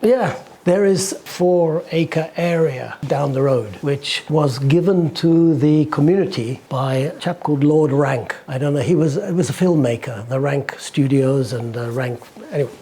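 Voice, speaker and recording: A man in his sixties from England, recalling his life in an interview, rambling and halting with restarts. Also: fairly high pitch, dark tone, slightly rough. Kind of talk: casual recollection.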